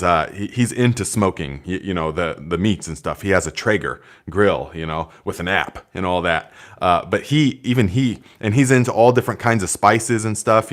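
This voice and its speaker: A man hosting a live gardening stream, reading out viewer comments in a relaxed, chatty way with many fillers and restarts. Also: on the low side. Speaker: gardening channel host.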